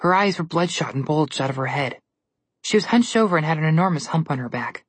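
A woman narrating a storybook in an even, measured reading. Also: low-pitched, husky, dry recording.

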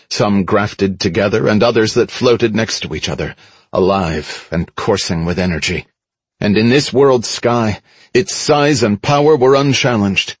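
A man with a low, husky voice narrates a first-person audiobook, steady but lifting for dramatic beats. The read is close-miked and dry, with no room sound. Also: no echo. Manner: steady storytelling with dramatic lifts.

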